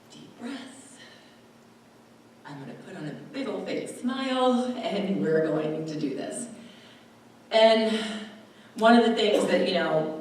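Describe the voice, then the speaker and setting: A low-pitched woman speaks in an easy, talkative way to a live audience, acting out little quoted voices as she goes. She is heard from a distance in a very echoey hall. A faint room hum sits behind her. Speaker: dementia care presenter. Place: large room at a presentation.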